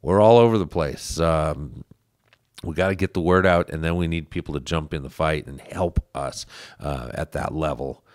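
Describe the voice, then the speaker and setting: Man, very low voice, dry close mic, earnest political podcast host. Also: normal speed, no echo. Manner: earnest, urging listeners to get involved. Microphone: studio microphone.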